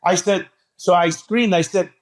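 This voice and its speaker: A man telling a story as a podcast guest, talking excitedly and acting out what people said. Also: sits high, a little slow. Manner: acts out quoted dialogue, excitable. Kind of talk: animated storytelling.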